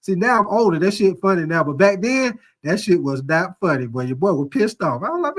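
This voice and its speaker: A man's voice: high-pitched, very animated, a little fast, fairly bright tone. A middle-aged man hosting a casual live-streamed sports talk show, reading viewer comments and telling profane, laughing stories. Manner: loose, joking, reads viewer comments aloud; profane storyteller who laughs at his own stories.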